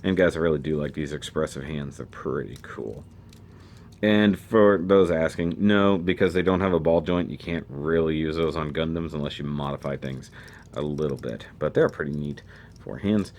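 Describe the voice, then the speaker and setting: A man's voice: rumbling low, moderate pace, darkish tone. A man giving a casual model kit review, chatty and thinking aloud as he handles the pieces.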